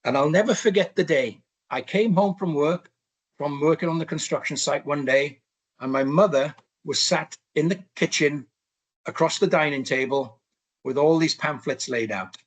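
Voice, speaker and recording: Speaking at normal speed in a somewhat high voice, this man from Wales, in his sixties, wanders through his life story on a podcast. He keeps restarting, drifting into asides, and saying "you know."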